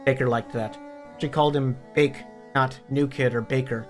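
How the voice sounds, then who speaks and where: Brief: male book reviewer, matter-of-fact plot retelling, soft background music. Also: mid-range voice, fairly even intonation, moderate pace. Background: faint background music.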